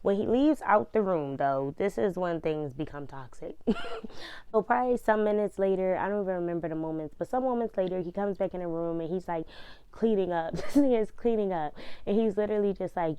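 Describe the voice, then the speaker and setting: A woman, casually telling a personal story in an animated, fired-up way full of slang. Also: fairly low pitch, fairly quick, clean tone, dry recording.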